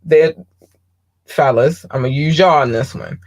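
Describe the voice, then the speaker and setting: A woman hosting a podcast, talking bluntly and candidly in a casual monologue, swearing freely and often pausing with ums. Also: sits low, a little mellow. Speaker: podcast host.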